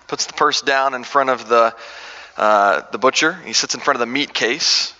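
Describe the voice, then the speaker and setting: A pastor preaching a sermon in a conversational way, asking the congregation direct questions. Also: male voice, medium pitch, fairly quick, sharp tone, long reverb tail, muffled recording.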